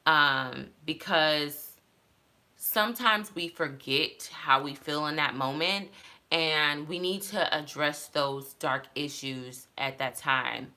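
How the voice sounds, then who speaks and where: A woman's voice: low voice, slow, sharp tone. A woman vlogger, talking candidly into her phone and giving casual advice, with a rambling delivery full of fillers. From Texas. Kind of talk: casual advice talk to camera.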